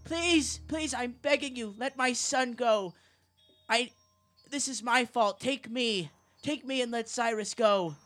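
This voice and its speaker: A man's voice: extremely high pitch, takes it slowly, fairly bright tone, voice pushed up, exaggerated voice. A man voicing a desperate mother who pleads for her family in a raised, strained voice. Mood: hysterical.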